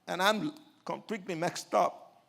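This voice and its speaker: Slow, high-pitched older male preacher. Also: gravelly. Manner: animated storyteller, acts out quotes, bursts into shouts; addresses the audience directly, jokes in asides. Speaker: preacher giving a testimony. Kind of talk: preaching testimony to an audience.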